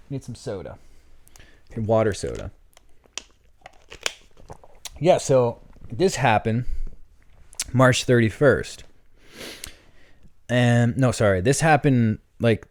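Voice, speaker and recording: A man's voice: fairly low pitch, darkish tone, dry recording, clean studio sound. A young man hosting a solo comedy podcast, telling a rambling story with lots of fillers and laughter. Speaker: podcast host.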